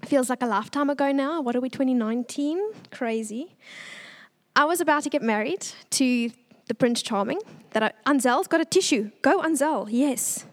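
A young woman giving an earnest, tearful church testimony, pausing often. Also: high voice.

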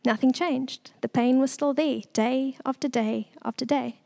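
A young woman giving an earnest, tearful church testimony, pausing often. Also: high voice, fairly even intonation, creaky, dark tone.

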